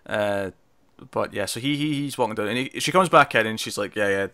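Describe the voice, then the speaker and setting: A man's voice: fairly low pitch, a little fast, sharp tone. A man co-hosting a casual TV review discussion, chatty, with many fillers and restarts. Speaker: podcast co-host.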